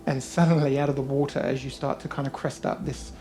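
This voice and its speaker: A woman's voice: a bass voice, level tone, fast, mellow, soft background music. A woman narrating as game master in a casual, rambling way with many fillers.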